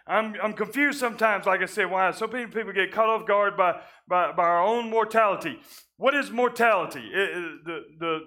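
Male pastor, high bright tone, casual repetitive sermon delivery. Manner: conversational preaching, repeats words, drops quietly at times. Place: church sanctuary.

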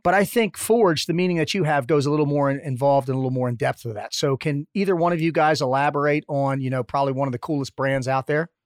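A man's voice: on the high side, fast, few pauses, no room sound, clean studio sound. A middle-aged man co-hosting an interview podcast, joking bluntly and swearing freely in casual chat. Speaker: podcast co-host, former Navy SEAL.

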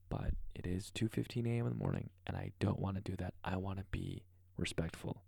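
A man hosting a podcast, talking fast and rambling through a playful off-the-cuff intro at home. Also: sits low, creaky, warm tone, no room sound, studio quality. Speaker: podcast host. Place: converted garage at home. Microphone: podcast microphone.

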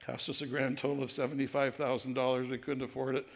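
Gravelly-voiced pastor preaching in a hall. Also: male voice, medium pitch, level tone, fast talker. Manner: storytelling, conversational with repeated restarts. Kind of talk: sermon. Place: church sanctuary. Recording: reverberant church hall.

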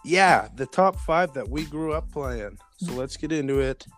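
A man's voice: a little high, animated, measured pace, loud music behind the voice. A young man co-hosting a podcast in casual chat, laid-back and laughing, with a sprinkling of swearing. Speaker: podcast co-host.

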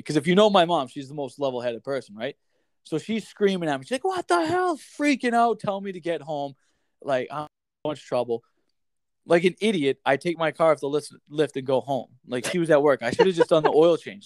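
A man telling a rambling, animated story in casual podcast chat, swearing freely and saying "like" and "dude" a lot. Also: medium pitch, no echo.

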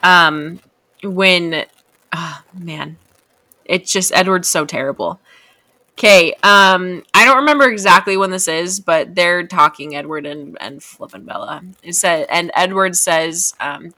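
A woman's voice: lowish voice, unhurried, bright, forceful tone, no room sound. A young woman reading a novel aloud and mocking it in casual, laughing chat. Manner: sarcastic, laughing, mock-gushing.

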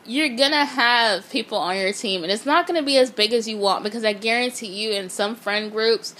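A woman's voice: on the high side, moderate pace, a bit bright. A woman giving a blunt, profane motivational talk, speaking straight to her viewers. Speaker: motivational vlogger.

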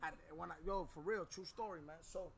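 A man, telling stories in animated casual chat full of slang and swearing. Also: high voice, fairly quick, vocal fry, a crowd in the background. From New York. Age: 30s.

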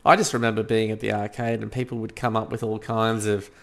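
A man co-hosting a casual video game podcast, joking and getting animated. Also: lowish voice, quick pace, creaky. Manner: joking, animated when riled up. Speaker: podcast co-host. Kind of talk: casual chat.

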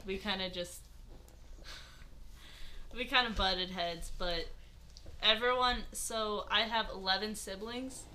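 A woman's voice: medium pitch, slow pace, long pauses, bright, forceful tone. A young woman in her twenties talking casually and earnestly, with frequent giggles. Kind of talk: casual chat.

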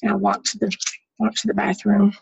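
A woman's voice: medium pitch, completely flat delivery, a little fast, vocal fry, darkish tone, slightly rough, dry recording, muffled recording. A middle-aged woman giving candid, plain-spoken personal testimony. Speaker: storyteller.

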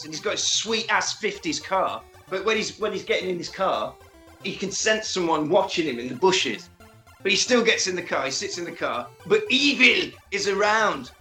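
A man co-hosting a podcast, recapping a film in casual chat with animated, joking retelling and acted-out quotes. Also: high-pitched. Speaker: podcast co-host.

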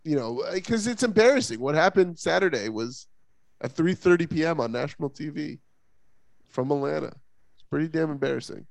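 Sports podcast co-host, gravelly voice, swinging pitch, dry close mic. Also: male voice, brisk, no room sound. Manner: rambling, animated, many fillers and restarts. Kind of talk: casual sports talk.

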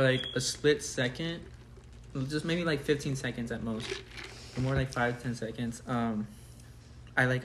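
Fast-talking young man, halting. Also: mid-range voice, a bit bright, slight background noise. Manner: hesitant, halting restarts. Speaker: podcast co-host. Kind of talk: casual chat.

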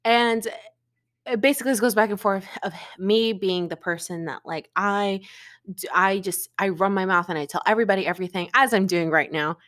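A woman's voice: medium pitch, moderate pace, a bit bright. A young woman from Florida, co-hosting a podcast, telling a breakup story in casual chat with lots of filler words and swearing. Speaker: podcast co-host.

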